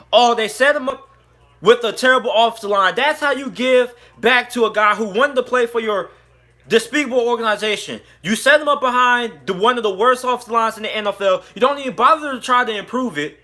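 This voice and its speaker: Heated man, sports vlogger, high sharp voice, furious repetitive rant. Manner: angry, heated, repetitive ranting. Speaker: sports YouTuber. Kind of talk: ranting sports commentary.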